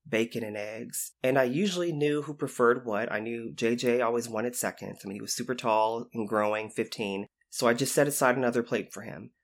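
A man telling lively stories about his time as a youth intervention specialist, acting out the voices of the people in them. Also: medium pitch. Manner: animated, acts out quoted voices. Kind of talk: storytelling anecdote.

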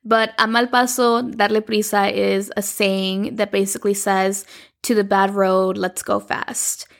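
Woman podcast host, casual recap chat, slight vocal fry, lively storyteller. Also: medium pitch, a little slow. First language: Spanish. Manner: chatty, animated, acts out characters' lines in quotes.

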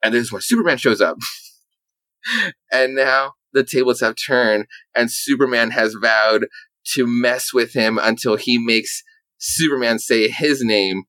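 Rambling man with a bright, tense voice. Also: mid-range voice, no echo, poor audio. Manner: rambling and animated, lots of "like" fillers and swearing. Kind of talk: casual chat recapping comic books.

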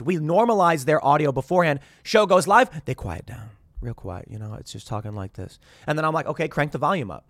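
A man's voice: on the high side, a bit bright, no echo, clean studio sound. A man hosting his own commentary show, talking casually in a rambling way with many restarts. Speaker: podcast host.

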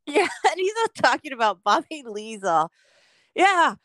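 A woman's voice: high voice, sing-song, measured pace, fairly bright tone, no echo, rough recording. A woman in her forties co-hosting a podcast, joking playfully and swearing, with frequent laughter. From American. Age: 40s. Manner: laughs often, profane and playful. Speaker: podcast co-host. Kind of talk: casual chat.

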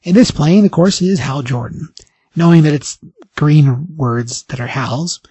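A man hosting a podcast, casually recapping a comic book story in an animated way, briefly acting out the characters' lines. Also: fairly high pitch, a little slow, breathy edge, no echo, muffled recording. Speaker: podcast host.

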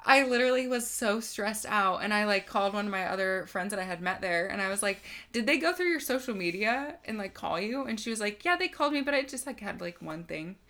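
A woman's voice: mid-range voice, animated, fairly quick, few pauses, pushed and bright. A woman in her twenties co-hosting a podcast, telling a story in casual chat, rambling with lots of "like" fillers and swearing freely. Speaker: podcast co-host.

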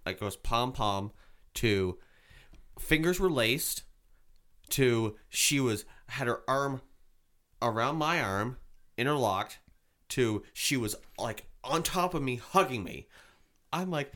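A man's voice: mid-range voice, slow, long pauses. A man in casual chat, telling a story with plenty of swearing and acting out the other people's voices. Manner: animated storyteller, swears often, acts out voices. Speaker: haunted attraction worker.

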